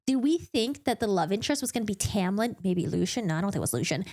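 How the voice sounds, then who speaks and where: A young adult woman vlogger recapping a book in a chatty, animated way, with asides. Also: medium pitch, fast.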